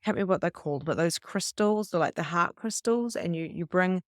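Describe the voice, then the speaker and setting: A woman's voice: lowish voice, brisk, no room sound, studio quality. A middle-aged woman, earnestly teaching a wellness session in a conversational way, sometimes acting out little stories. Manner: earnest, conversational, with acted-out anecdotes. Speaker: spiritual coach.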